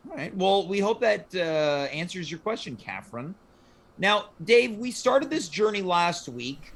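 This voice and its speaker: A man's voice: high voice, sing-song, measured pace, fairly bright tone. A man hosting a casual livestream chat, asking playful mock-formal questions. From Canada. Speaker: host.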